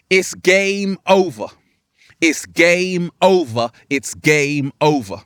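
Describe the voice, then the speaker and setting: A man giving an animated, playful motivational vlog outdoors in nature, laughing often. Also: a little high, drawn-out words, smooth, no echo, clean studio sound. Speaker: spiritual vlogger.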